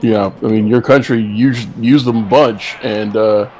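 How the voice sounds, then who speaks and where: A man's voice: on the low side, fairly even intonation, normal speed, darkish tone. A man sits in as guest co-commentator and trades casual, wry jabs with the host. His tone is teasing and offhand, with a faint layer of noise underneath. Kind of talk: casual banter.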